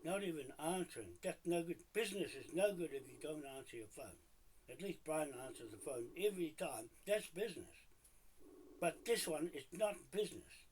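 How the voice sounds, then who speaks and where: A man's voice: on the high side, a little mellow, slight background noise, rough recording. A man grumbling and swearing to himself in his home office while he waits for people on a live stream.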